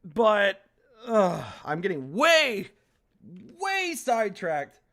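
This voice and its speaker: Woman streamer ranting at a visual novel, bright sharp voice, drags her words out slow. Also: medium pitch. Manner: ranting, exasperated, quick to swear; reads game text aloud in a flat voice. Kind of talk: live-streamed game playthrough with commentary.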